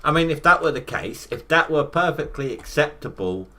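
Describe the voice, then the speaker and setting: A man's voice: a little high, expressive, moderate pace, sharp tone. A man in his thirties, rambling through casual live gameplay commentary with self-mocking asides. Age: 30s. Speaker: gaming livestreamer.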